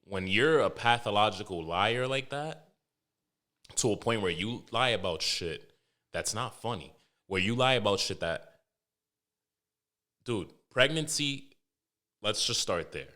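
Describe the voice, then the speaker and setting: A young man hosting a podcast, telling stories in a loose, animated way, swearing heavily and restarting his sentences. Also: fairly low pitch, measured pace, long pauses. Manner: animated storytelling, heavy swearing, frequent restarts. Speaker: podcast host. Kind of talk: casual podcast monologue.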